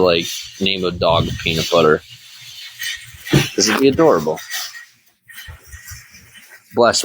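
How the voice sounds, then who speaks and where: A man's voice: lowish voice, a bit bright, no room sound, poor audio. Rambling man live-streaming from his phone. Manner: rambling, reads viewer comments aloud. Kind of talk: casual live-stream chat.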